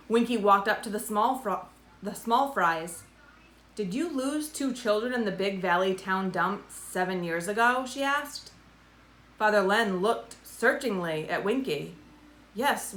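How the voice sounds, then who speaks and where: A woman's voice: medium pitch, a little slow. A woman reads a children's chapter book aloud. She lifts her voice for the characters' lines and drops it for the narration. The recording has a roomy echo. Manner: lively voices for dialogue. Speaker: storybook reader.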